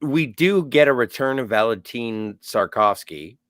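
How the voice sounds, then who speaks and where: A man co-host chats casually and drops in dry, joking remarks. His pitch moves around a lot in a lively way, and the recording is close and dry with no room sound. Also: measured pace, no room sound. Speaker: podcast co-host. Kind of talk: casual chat.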